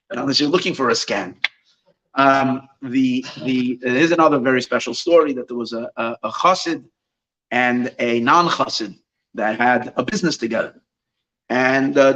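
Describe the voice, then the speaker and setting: At an evening gathering, a rabbi animatedly tells a Chassidic story, restarting often and weaving in Yiddish phrases. His voice sits in the mid range, and the recording has its high frequencies cut off.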